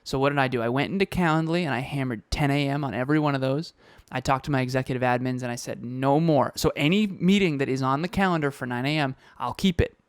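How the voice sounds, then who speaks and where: A man's voice: medium pitch, fast, hardly any pauses, smooth, no room sound, studio quality. A man co-hosting a podcast in casual motivational chat, emphatic and fond of repeating key phrases. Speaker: podcast co-host.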